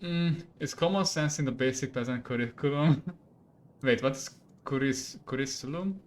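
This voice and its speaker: A young man from Hungary with a Hungarian accent, a non-native English speaker, playing a game on stream, laughing often and getting worked up and loud. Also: mid-range voice, moderate pace. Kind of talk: gaming commentary.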